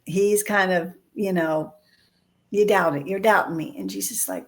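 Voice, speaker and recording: A woman with a low, gravelly voice talks earnestly in a casual faith podcast chat. She slips into quoted voices to act out what others might say. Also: normal speed. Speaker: podcast co-host.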